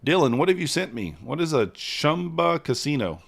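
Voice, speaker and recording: A man hosting a casual trading livestream, chatting with viewers and reading their messages in a relaxed way. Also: a little high, moderate pace, gravelly.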